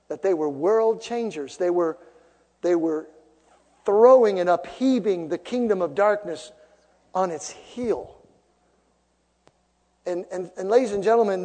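High-voiced preacher man in a reverberant hall. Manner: emphatic, builds to loud rising peaks. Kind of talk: sermon. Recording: long reverb of a large hall.

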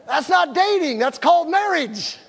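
A man's voice: very high-pitched, expressive, moderate pace, creaky, fairly bright tone. An older man preaching a sermon as pastor, humorous, and he acts out little quoted exchanges. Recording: long hall reverb.

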